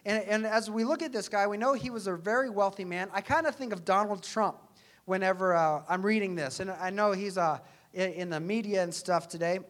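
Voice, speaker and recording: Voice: mid-range voice, fairly quick. Preacher, casual and sincere delivery, rhetorical questions to the congregation. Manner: conversational, earnest, asks rhetorical questions. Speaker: pastor. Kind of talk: sermon.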